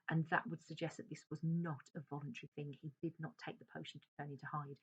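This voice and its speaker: A woman's voice: sits low, flat delivery, fast, hardly any pauses, breathy edge. A woman teacher who reads a novel aloud and explains it, talking hesitantly with many fillers and restarts. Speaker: English teacher. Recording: dull lo-fi recording.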